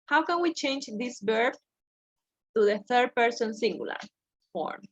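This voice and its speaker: A woman's voice: on the high side, expressive, a little slow, muffled recording. A woman teaching an English class over a video call, patiently correcting her students step by step.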